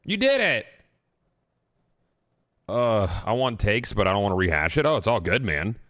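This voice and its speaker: A man's voice: fairly low pitch, a little fast, a bit bright, no echo, studio quality. A man streaming a video game, chatting casually and swearing in loose, rambling talk with restarts at a desk microphone. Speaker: gaming streamer. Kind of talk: casual livestream chat while gaming.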